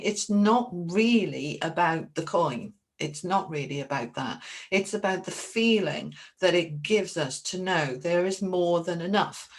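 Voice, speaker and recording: A woman giving a chatty, excitable tarot reading to camera, calling her viewers darlings. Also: medium pitch. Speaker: tarot reader.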